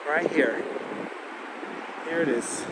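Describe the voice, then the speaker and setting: A man hosts a casual walking live stream and chats easily with viewers and the animals he passes. His voice sits high, and he talks through a clip-on mic. Clear street traffic and wind noise surround him outdoors. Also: slow pace. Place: outdoors on a city street at sunset. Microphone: wireless clip-on mic.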